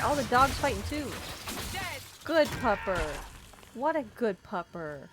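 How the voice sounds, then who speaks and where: A woman's voice: mid-range voice, lively intonation, normal speed, background noise. Bubbly woman doing game commentary. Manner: bubbly, jokey, talks to game characters. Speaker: let's play streamer. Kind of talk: playful gaming commentary.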